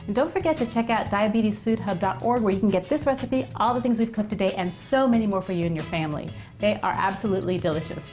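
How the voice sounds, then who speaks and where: A woman's voice: mid-range voice, quick pace, darkish tone. A woman hosting a cooking show in a studio kitchen, upbeat and encouraging as she wraps up. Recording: with music playing behind.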